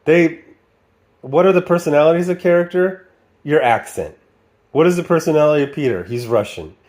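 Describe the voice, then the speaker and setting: A man's voice: fairly high pitch, fairly quick, darkish tone. A man in his forties from the Midwestern United States giving casual video commentary, sarcastic and prone to mocking, exaggerated voices when he quotes. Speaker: video reviewer.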